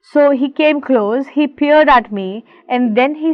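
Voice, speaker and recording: A woman's voice: high-pitched, a little slow, few pauses, no room sound. A woman teacher reading a short story aloud line by line and explaining each part in simple words, with many fillers. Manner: reads a line aloud then paraphrases it, with fillers. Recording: dry, dull lo-fi sound.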